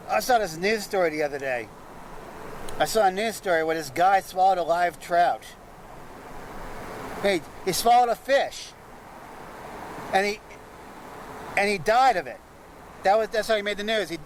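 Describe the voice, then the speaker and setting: Deadpan man doing street stand-up. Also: sits high. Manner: deadpan, muttering asides between jokes. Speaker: street comedian. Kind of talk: stand-up one-liners. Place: outdoors on a city street. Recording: street recording with loud traffic noise. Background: traffic noise, passing vehicles.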